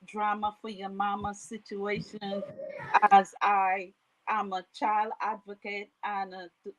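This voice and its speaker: A woman with a New York accent speaks slowly on a livestream. She talks hesitantly and fills her pauses with ums and likes as she introduces herself to the audience. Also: mid-range voice, monotone, slight background noise, low-quality recording. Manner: slow, hesitant, many fillers. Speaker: guest. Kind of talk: livestream interview.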